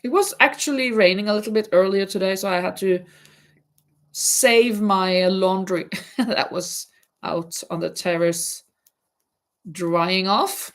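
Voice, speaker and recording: A chatty livestream host talks to her viewers while she knits. She rambles, hesitates, and keeps restarting her words, addressing the audience directly in a slow, mid-range voice.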